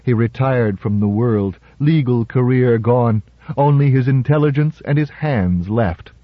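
A male narrator reading a story in a measured, dramatic way. The sound is dry and close, with a slightly muffled, dull tone. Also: mid-range voice, no room sound. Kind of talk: audiobook narration. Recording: slightly muffled audiobook recording.

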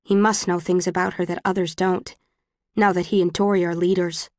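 A woman reading a first-person audiobook in an even, plain storytelling voice. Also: fairly low pitch, moderate pace, dry recording, studio quality. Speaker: audiobook narrator.

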